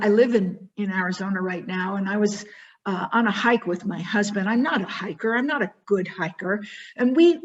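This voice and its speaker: A woman giving a motivational talk, telling a personal story expressively and then guiding listeners through a slow reflection. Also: mid-range voice, muffled recording. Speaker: keynote speaker.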